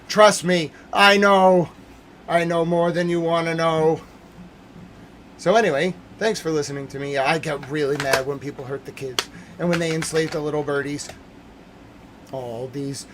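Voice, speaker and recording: A man hosting a livestream news commentary, hoarse from yelling, ranting loudly and repetitively, swinging between shouts and mutters. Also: a little high, a little hiss or hum.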